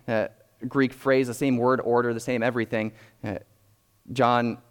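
Man preaching in a reverberant hall. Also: mid-range voice. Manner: measured, explanatory, with frequent restarts. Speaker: pastor. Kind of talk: sermon.

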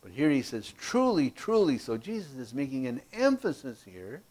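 A man's voice: mid-range voice, sing-song, moderate pace, a little mellow. A man teaching a verse-by-verse Bible study, explaining passages and often checking in with "okay?", reading verses aloud with rising emphasis.

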